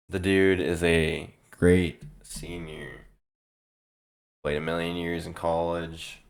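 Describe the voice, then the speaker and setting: A man's voice: very deep voice, gravelly. A young man giving casual, rambling reaction commentary on basketball prospects, restarting his sentences often while he is losing his voice. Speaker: sports video host.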